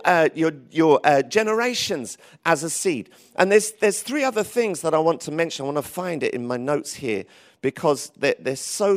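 A man preaching a sermon in church, lively and emphatic, with frequent restarts. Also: fairly high pitch. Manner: lively, rising to emphatic calls, with many restarts. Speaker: pastor.

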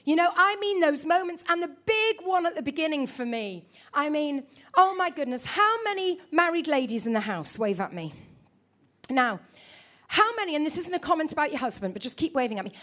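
A woman with a very high voice preaches in a lively, joking way, teasing the congregation as she goes. She sounds middle-aged and speaks from the front of a church. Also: fairly quick. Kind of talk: sermon.

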